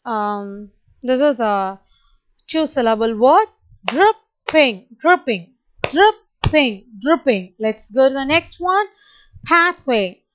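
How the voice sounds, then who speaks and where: A woman teaching children a spelling lesson in Indian English, slowly and patiently spelling out each word letter by letter and repeating it. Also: sits high, expressive. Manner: slow, spells words letter by letter and repeats them; kind, patient, addresses kids directly. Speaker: primary school teacher.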